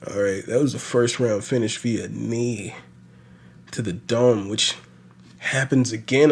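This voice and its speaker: A man hosting a podcast, recapping fights in a casual, animated and profane ramble full of fillers. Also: mid-range voice, husky. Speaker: podcast host. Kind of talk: casual solo sports recap.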